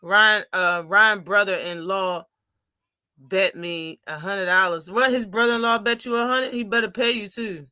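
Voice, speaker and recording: Woman ranting on a boxing livestream, bright cutting voice, dry close mic, lots of cussing and impressions. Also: mid-range voice, measured pace, clear, resonant tone, no room sound. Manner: animated, profane, mocking impressions. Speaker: boxing live-stream host. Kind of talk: casual post-fight livestream chat.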